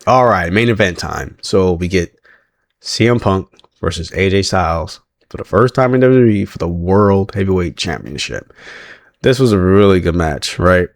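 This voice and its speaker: A man with a fairly low voice talks through a recap in a loose, rambling way, full of fillers and self-corrections. He chuckles often as he retells what happened. The sound is dry and close, with no room around it. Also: animated, moderate pace, no echo. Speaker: wrestling recap vlogger. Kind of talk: casual spoken recap.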